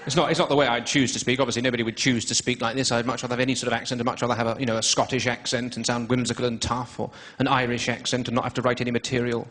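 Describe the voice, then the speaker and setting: Posh English man doing quick-fire stand-up. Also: medium pitch, little pitch movement, noisy background. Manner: dry, self-mocking, drawn-out delivery with pauses for laughs. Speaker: stand-up comedian. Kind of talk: stand-up comedy set. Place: comedy stage before a live audience.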